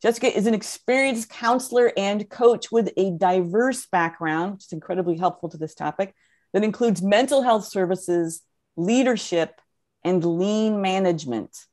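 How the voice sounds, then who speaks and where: A woman's voice: medium pitch, moderate pace, darkish tone. A woman moderating a live webinar, upbeat and effusive, with frequent fillers as she introduces guests.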